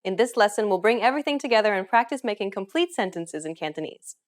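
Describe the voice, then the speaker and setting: A woman's voice: medium pitch, expressive, fast talker. A woman narrating a scripted language lesson in an upbeat, encouraging way. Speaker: language teacher.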